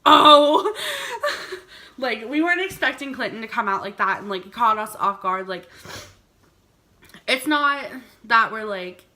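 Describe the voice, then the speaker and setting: A woman's voice: on the high side, animated, moderate pace, bright, forceful tone. A young woman vlogger telling a storytime, chatty and giggly, saying "like" all the time. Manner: chatty, heavy use of "like", giggly. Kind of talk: storytime vlog.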